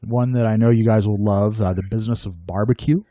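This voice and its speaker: A man hosting a casual talk show in an upbeat, joking way. His voice sits a little low. The sound is dry and close, with little room around it. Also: steady tone, fast, warm tone, no room sound. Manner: upbeat, joking, self-deprecating. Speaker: podcast host. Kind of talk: casual chat.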